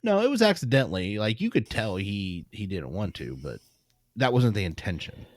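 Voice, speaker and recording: A man co-hosting a podcast, reviewing a movie in casual chat, animated and laughing often, with casual swearing. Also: lowish voice, normal speed, dry recording, clean studio sound. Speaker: podcast co-host.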